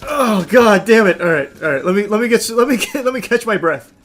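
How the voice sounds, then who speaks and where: High-pitched, excitable gaming commentator man. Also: fast, faint music behind. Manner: excitable, yelling, cursing and laughing in bursts. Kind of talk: live gameplay commentary.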